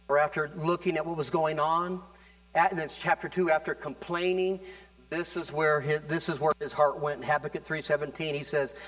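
Higher-voiced man preaching with fervor. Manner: fervent preaching that swells louder and higher in passages; conversational, with repeated words and restarts. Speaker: pastor. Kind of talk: sermon.

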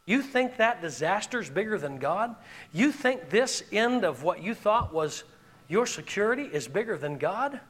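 Fervent male preacher, bright and forceful tone, rising to shouts then dropping low. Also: big pitch swings, measured pace, husky. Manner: impassioned, exhorting, swinging between shouts and hushed tones. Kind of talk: sermon.

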